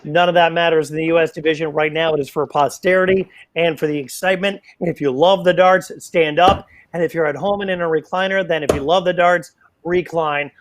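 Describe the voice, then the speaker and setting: A man calling a darts match live as play-by-play commentator, excitable and playful, with self-mocking asides. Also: fairly high pitch, a little fast.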